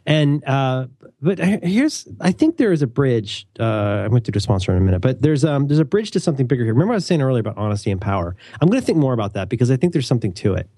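A male podcast host in casual chat, jokey and animated. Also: medium pitch, rapid-fire, dry recording, studio quality.

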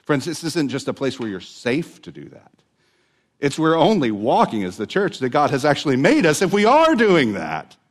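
A man's voice: a little high, huge pitch swings, normal speed. A man preaching a sermon in an earnest, conversational way, rising into emphatic swells on key points.

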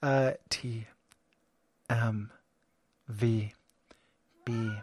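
A man's voice: mid-range voice, fairly even intonation, extremely slow, breathy edge. A man co-hosting a casual podcast about a video game, rambling with lots of fillers and restarts and laughing often. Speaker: podcast co-host. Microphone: studio microphone.

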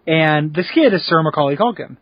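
A man co-hosting a podcast in casual chat, making wry, deadpan jokes. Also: fairly high pitch, brisk, slightly rough, dry recording, highs cut off. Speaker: podcast co-host.

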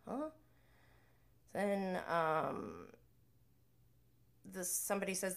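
A young woman hosts a casual live podcast recap with a bright, lively voice. She drifts between quiet, muttered asides and fired-up rants. Her delivery stays loose and conversational throughout. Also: lowish voice, measured pace, long pauses. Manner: chatty, animated, swings between muttering asides and heated rants. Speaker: podcast host.

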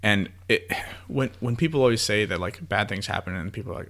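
Low-voiced man explaining faith ideas. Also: animated, fairly quick, a bit bright. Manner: explains ideas with frequent "like" and "you know". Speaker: podcast co-host. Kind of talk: casual faith discussion.

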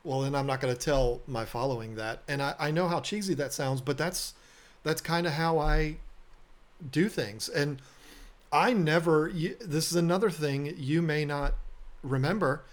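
A man's voice: fairly high pitch, moderate pace. A man hosting a podcast, telling stories in a casual, earnest and self-deprecating way, often repeating words as he restarts. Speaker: podcast host and aquarium business owner. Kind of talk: casual storytelling conversation.

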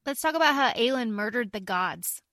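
Woman podcast cohost, kinda high bright voice, dry mic, excited book chat. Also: dry recording. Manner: enthusiastic, quick, casual swearing. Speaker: podcast co-host. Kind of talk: casual book discussion.

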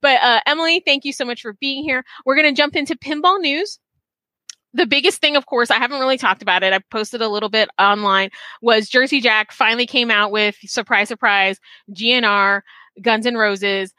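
A woman hosts a podcast in an easy, chatty way, effusive and excitable, stacking asides and restarts as she talks. Her voice sits a little high and rings bright and forceful. The sound is dry and close, with no room behind it. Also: normal speed, no room sound. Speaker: podcast host. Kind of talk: casual chat.

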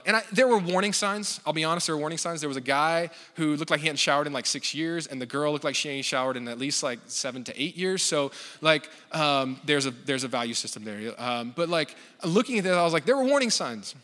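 Man, pastor, casual joking sermon, bright tone, long hall reverb. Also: a little high, lively intonation, a little fast. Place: church.

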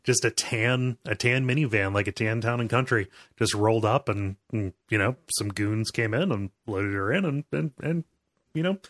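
A man's voice: medium pitch, normal speed, no room sound, clean studio sound. Stammering laid-back male podcast host. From Ohio, US. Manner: stammering, repeats words, laughs often. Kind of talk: casual chat.

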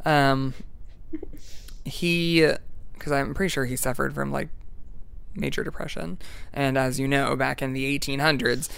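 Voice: mid-range voice, steady tone, measured pace, creaky, long pauses, fairly bright tone, clear, resonant tone. A young adult student giving a casual class presentation and reading a poem aloud, chatty and full of "like" and "um".

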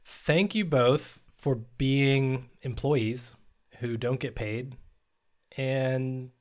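A man with a mid-range voice co-hosts a casual podcast. He runs through a mock performance review with a dry, deadpan, mock-official delivery. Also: medium pitch, extremely slow. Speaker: podcast co-host.

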